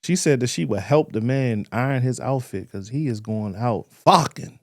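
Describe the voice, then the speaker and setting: A man's voice: mid-range voice, moderate pace, no echo, clean studio sound. A young man co-hosting a podcast, talking casually and animatedly. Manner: animated, laughing, swearing freely. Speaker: podcast co-host. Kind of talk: casual chat.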